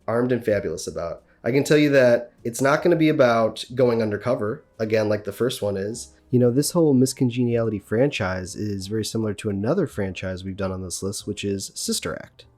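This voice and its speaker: A man's voice: medium pitch, lively intonation, brisk, a little mellow. A young adult man hosting a podcast in a casual, chatty way, with lots of fillers. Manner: chatty, uses many fillers. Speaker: podcast host.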